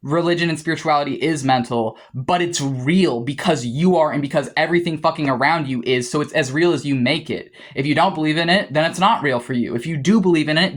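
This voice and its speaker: A young man vlogging in a casual monologue to camera, heated and profane, rambling with frequent restarts. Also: on the high side.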